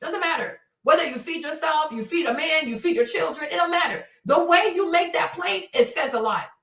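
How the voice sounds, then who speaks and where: A woman's voice: sits high, expressive, fairly quick, a bit bright, echoey room, recorded from a distance. A woman giving a live-stream commentary monologue, impassioned and preachy, repeating her points for emphasis.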